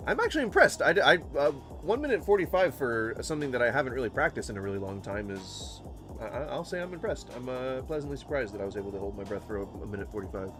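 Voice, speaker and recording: Male streamer, casual profane rants, mid-pitched voice, faint music underneath. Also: very animated, fast. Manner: ranting, swears often, laughs a lot. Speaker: streamer reacting to videos.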